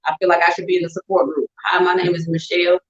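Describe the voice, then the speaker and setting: A middle-aged woman with a St. Louis accent, co-hosting a casual chat and telling playful, animated stories. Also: fairly low pitch, rapid-fire, echoey room, dull audio. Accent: St. Louis, Midwestern US. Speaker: co-host.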